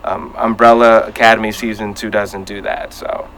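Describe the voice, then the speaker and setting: A man hosting a casual podcast chat, talking in an animated way and acting out his reactions. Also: lowish voice, normal speed, a little hiss or hum, poor audio. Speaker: podcast host.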